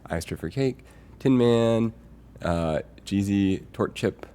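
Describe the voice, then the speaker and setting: A man whose voice sits on the low side, warm and clean, speaks slowly while chatting casually with live stream viewers. He thinks aloud and rambles with many fillers, reading chat messages and greeting people as they arrive.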